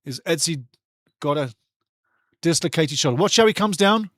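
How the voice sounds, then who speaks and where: A middle-aged man calls a football match live in an energetic, chatty way, switching between quick play-by-play and rambling stories. His voice sits a little high for a man. It is recorded close and dry, with no room sound. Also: dry recording. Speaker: watch-along football commentator. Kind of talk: live watch-along match commentary.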